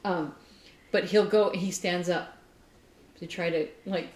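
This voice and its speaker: A woman co-hosting a casual chat, telling an animated story and laughing often. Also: on the low side, takes it slowly. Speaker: podcast co-host. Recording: roomy echo.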